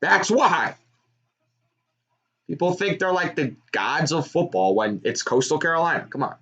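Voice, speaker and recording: A young man giving live reaction commentary on a college football game, excitable and shouting at big plays. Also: a little high, a little slow. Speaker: sports streamer.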